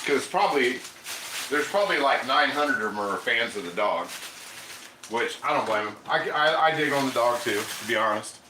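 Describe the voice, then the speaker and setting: A man's voice: medium pitch, animated, normal speed, reverberant, background noise. A man hosting a casual cooking livestream, chatting loosely and eating as he talks. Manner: chatty, rambling, eats while talking.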